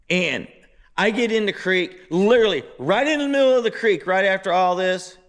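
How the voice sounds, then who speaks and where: A man casually retelling a muddy trail ride, animated and exasperated. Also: sits high, normal speed. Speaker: motorbike vlogger. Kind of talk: casual storytelling voice-over.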